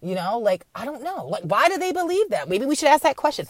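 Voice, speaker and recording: A woman hosting a podcast delivers a late-night, profanity-filled, rambling rant full of wry asides, acting out other people in mocking voices. Her fairly high voice is sing-song, and she talks fast with few pauses. There is no room sound.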